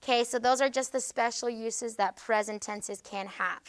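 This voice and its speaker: A woman teaching a grammar lesson to a class, checking in with "okay?" after each point and reading out example phrases slowly with stress. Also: fairly high pitch, fairly even intonation, clean tone, no room sound. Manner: frequent checking "okay?" with students.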